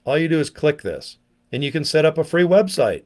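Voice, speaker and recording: A middle-aged man giving a casual, pushy sales pitch to camera outdoors, talking folksy and checking in with "okay?" and "guys". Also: big pitch swings, brisk, darkish tone. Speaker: online business vlogger. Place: outdoors, windy.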